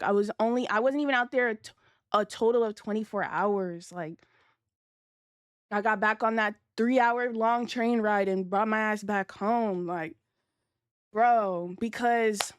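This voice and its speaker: A woman's voice: medium pitch, dry recording. Slangy young woman streamer, dry close sound. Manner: slangy, profane, laughing as she tells the story. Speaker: livestreamer. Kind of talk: casual storytime chat with viewers.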